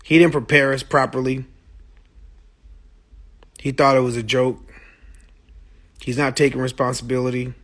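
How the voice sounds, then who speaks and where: A man's voice: mid-range voice, a bit bright. A man talking on a phone livestream, blunt and profane, speaking with passion and answering viewer comments as they come in. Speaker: musician streaming live to fans. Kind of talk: casual livestream monologue.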